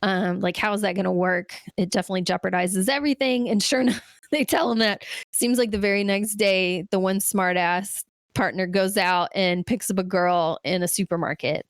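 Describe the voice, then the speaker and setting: A woman with a mid-range voice, talking at normal speed, co-hosts a casual podcast chat about a film. Her manner is chatty and meandering, heavy on fillers, and the studio-quality audio has no room sound.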